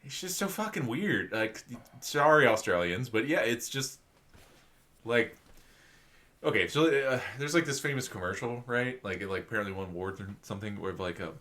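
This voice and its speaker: A man co-hosts a podcast and tells a story in casual chat, often breaking into laughter. His voice sits low but sounds bright and forward. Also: moderate pace. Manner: storytelling, laughs while talking. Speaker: podcast co-host.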